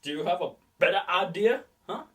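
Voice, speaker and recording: Rambling comic storyteller, male, with a high voice. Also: lively intonation, fairly quick, a bit bright. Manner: rambling, full of "like". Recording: distant mic with guitar music.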